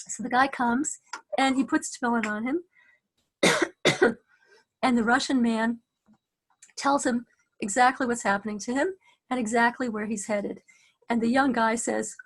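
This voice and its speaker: A woman casually telling a story, animated, with many restarts, acting out the voices of the people in it. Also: on the high side, normal speed, long pauses, slightly rough.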